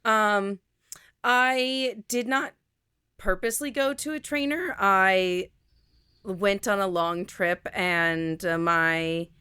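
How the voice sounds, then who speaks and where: A woman's voice: mid-range voice, steady tone, takes it slowly, bright, forceful tone, clear, resonant tone, dry recording, clean studio sound. A young woman co-hosting a casual podcast chat, rambling with lots of fillers and restarts. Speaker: podcast co-host.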